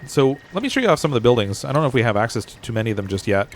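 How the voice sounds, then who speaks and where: A man's voice: mid-range voice, big pitch swings, racing. A young Canadian man with a Canadian accent, live-streaming and commenting on his gameplay, chatty, thinking aloud with fillers and corny jokes. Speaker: game streamer.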